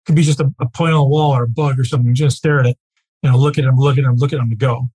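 A man teaching a live group as a coach, speaking casually and emphatically, often checking in with a quick "right?". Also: medium pitch, steady tone, warm tone, breathy edge, low-quality recording.

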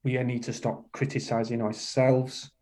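A man's voice: mid-range voice, level tone, a little slow, a little mellow. A middle-aged man from the UK, a kindness coach speaking as a guest on a podcast, talking with passion and emphasis, repeating his key phrases. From United Kingdom. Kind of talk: podcast interview conversation.

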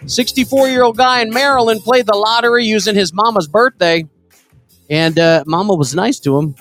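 A man's voice: sits high, moderate pace, a bit bright, soft background music. A man co-hosting a casual comedy podcast, joking crudely and laughing often as he runs through news stories. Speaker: podcast co-host.

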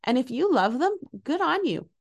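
Gentle, encouraging woman podcast host. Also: high voice, sing-song, normal speed, creaky. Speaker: podcast host and eating coach. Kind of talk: casual solo podcast talk.

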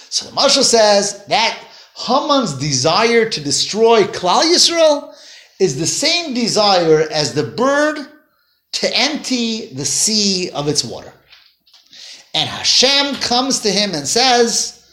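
A man teaching a Torah class to a small group, telling stories in an animated way with voiced quotes and Hebrew phrases. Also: high-pitched, slow pace. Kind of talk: informal class storytelling. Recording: echoey room.

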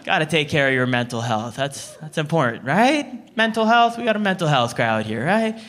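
A man from Canada performs a stand-up routine for a live crowd, playing out every exchange in his stories. His voice sits high for a man, with a bright, sharp edge. He tells each story with plenty of life and energy. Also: normal speed. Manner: animated storytelling, acting out dialogue. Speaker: stand-up comedian. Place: comedy venue with a live audience.

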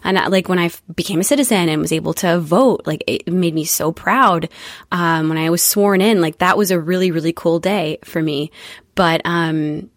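A young woman from the UK, raised in Spain and the USA, chatting as a guest in a casual interview, animated and quick to laugh. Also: lowish voice, no echo, clean studio sound. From born in the UK, raised in Spain and the USA. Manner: animated, laughs often, slips into playful voices for quotes.

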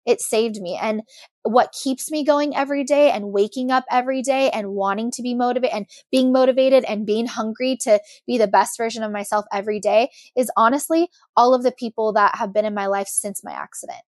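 A young woman with a fairly high voice tells a personal story as a podcast guest. She talks candidly and animatedly, with plenty of fillers. The sound is close and dry. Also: fairly quick, no echo.

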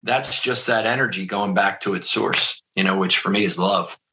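Earnest middle-aged man, bright voice. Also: low voice, moderate pace, gravelly, rough recording. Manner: earnest, vivid storytelling with many restarts and "you know". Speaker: guest telling his near-death story. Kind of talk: personal storytelling interview.

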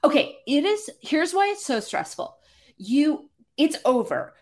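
A woman, a podcast guest, telling stories in a casual, animated, self-deprecating way with many restarts. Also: high voice, unhurried. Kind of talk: casual storytelling.

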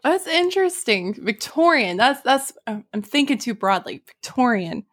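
A woman's voice: on the high side, big pitch swings, normal speed, a bit bright. A woman with a Southern US accent, a podcast guest in casual chat who laughs often while guessing.

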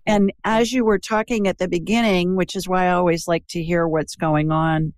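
A woman's voice: fairly low pitch, steady tone, normal speed, no room sound, studio quality. A woman from Ohio hosting a call-in show, chatty and digressive, talking to a caller. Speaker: intuitive show host. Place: Birmingham.

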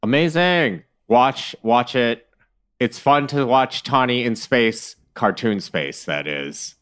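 A man co-hosting a podcast, chatting casually with animated swings from mumbled asides to loud outbursts. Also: mid-range voice, takes it slowly. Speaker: podcast co-host. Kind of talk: casual chat.

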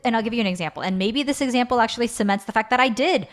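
A woman in her thirties co-hosting a podcast, telling a family story in a casual, animated way. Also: a little high, rapid-fire. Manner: animated storyteller, acts out quoted voices. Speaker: podcast co-host.

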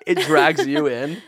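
A man co-hosting a podcast in a studio, riffing on absurd ideas with swearing and laughter in casual comedy chat. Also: fairly high pitch. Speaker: podcast co-host.

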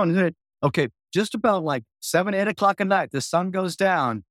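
A man in his sixties tells a story with animated energy, acting out other people's voices and humming bass riffs. His voice sits a little high for a man. The studio sound is close and dry. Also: normal speed, few pauses, no echo. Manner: lively storyteller, acts out voices and hums bass lines. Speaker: podcast guest musician.

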